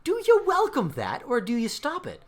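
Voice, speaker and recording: A man running a tabletop game as dungeon master, narrating with animated swings between hushed and loud delivery. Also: very high voice, normal speed.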